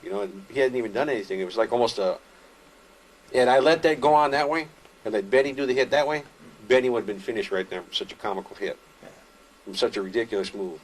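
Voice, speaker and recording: A man casually recounting his own story in an interview, rambling with fillers and restarts, animated when telling action. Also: mid-range voice, fast.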